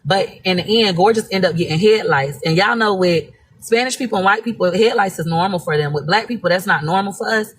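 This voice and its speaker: A social media personality from Florida delivers a casual live-stream monologue, telling stories bluntly, profanely, and emphatically. Her mid-range voice is husky and fairly quick.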